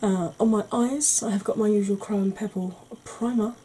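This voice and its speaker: Tired, mellow woman, ASMR makeup chat. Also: medium pitch, steady tone, moderate pace, a little hiss or hum, rough recording. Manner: chatty, rambling, wry humour. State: tired from lack of sleep. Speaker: beauty channel host. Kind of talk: soft-spoken ASMR makeup tutorial.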